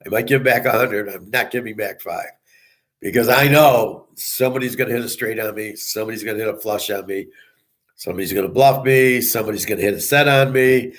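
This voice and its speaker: A man's voice: lowish voice, brisk, fairly bright tone. A man giving a profane, scornful monologue as a sports handicapper and commentator, talking bluntly. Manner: blunt, scornful, swearing often.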